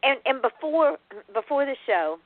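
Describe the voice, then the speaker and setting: A woman's voice: high voice, sing-song, normal speed, dry recording. A woman from Georgia, hosting a casual interview and laughing readily. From Georgia, United States. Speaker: host. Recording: tinny phone line.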